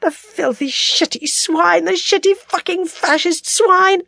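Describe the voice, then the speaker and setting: A woman's voice: extremely high pitch, measured pace, creaky, sharp tone, dry recording, studio quality, pitched above the performer's own voice, heavily acted. A woman voicing a fierce, tearful young woman in an audiobook, cursing and incredulous. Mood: raging.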